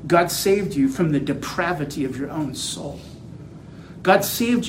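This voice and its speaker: Male pastor, slow and deliberate delivery, rising to forceful emphasis, reverberant sanctuary sound. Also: fairly high pitch, a little hiss or hum. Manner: slow, building to emphatic declarations. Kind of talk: sermon.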